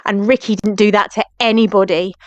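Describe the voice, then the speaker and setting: A woman's voice: medium pitch, steady tone, fairly quick, no echo. A young woman ranting on a live stream, firing indignant questions at viewers by name. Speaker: livestreamer. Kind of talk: angry live-stream rant.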